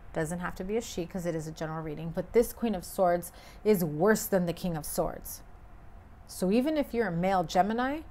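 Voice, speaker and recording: A woman's voice: on the low side, a little mellow, slight background noise. A woman giving a casual tarot reading, talking bluntly and emphatically with frequent swearing. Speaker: tarot reader.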